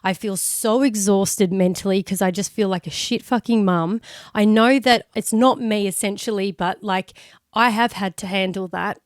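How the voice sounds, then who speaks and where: Woman, thirties, candid podcast chat, smooth clear voice, dry close mic. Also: medium pitch, steady tone, moderate pace, no echo. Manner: candid, emotional, swears freely. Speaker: podcast co-host. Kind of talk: casual chat.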